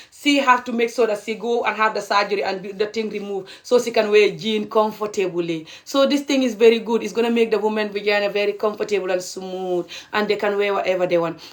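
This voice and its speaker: A young adult woman from Gambia giving heated, indignant social commentary to camera, pressing each point with a repeated "okay?". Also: medium pitch. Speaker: video creator.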